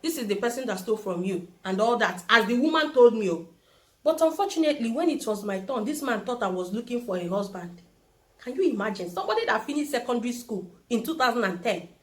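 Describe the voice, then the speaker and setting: Animated young Nigerian woman telling a story. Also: fairly high pitch, quick pace. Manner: animated, acts out quoted voices. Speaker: vlogger. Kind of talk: storytime vlog.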